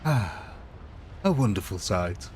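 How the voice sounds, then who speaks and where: Chatty gaming streamer. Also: male voice, on the low side, animated, slow, darkish tone, slight background noise. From English Midlands. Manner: chatty, laughs often. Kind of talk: live gameplay commentary.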